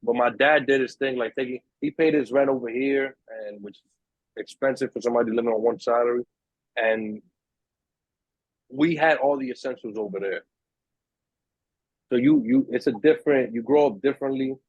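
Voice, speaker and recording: A young man spins a story for his friends on a podcast, jumping into high, excited voices for the people in it. His voice is a little husky, and the room sounds dry and close. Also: moderate pace, pauses often, no room sound, muffled recording. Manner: animated storyteller, acts out voices in quotes. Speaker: podcast host. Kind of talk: casual storytelling among friends.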